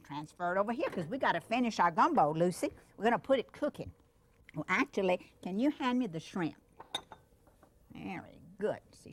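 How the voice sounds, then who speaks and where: Older woman, Cajun accent, warm chatty cooking host, low voice. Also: a little hiss or hum. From Louisiana. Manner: chatty and affectionate, talks to the child while cooking. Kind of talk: cooking demonstration.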